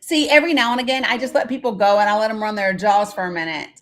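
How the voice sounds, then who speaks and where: A woman's voice: mid-range voice, fast talker, a bit bright. A middle-aged woman hosting a live stream in casual chat, talking straight to her viewers by name, blunt and swearing freely.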